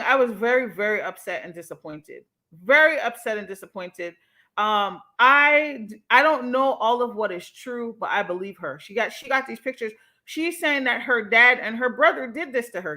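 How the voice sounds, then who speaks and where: Woman, young adult, livestream host, casual commentary, animated, emphatic, swears, bright tense voice. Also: a little high.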